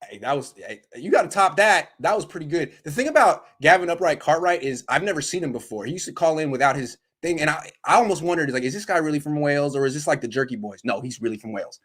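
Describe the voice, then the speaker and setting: A male sports talk host speaks quickly and with lively swings in pitch. He keeps the banter excitable as he takes calls and trades opinions on players. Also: breathy edge.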